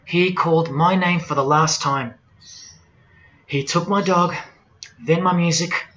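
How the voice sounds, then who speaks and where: A man preaching a monologue in a forceful, rhetorical way, firing question after question at the listener. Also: a little high, a little slow. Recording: dull lo-fi audio.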